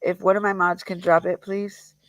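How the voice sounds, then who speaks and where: A grieving livestreamer who talks in a halting, rambling way, with many fillers and restarts, recorded on a close mic. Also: mid-range voice, flat delivery, dry recording, rough recording. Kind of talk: emotional memorial livestream talk.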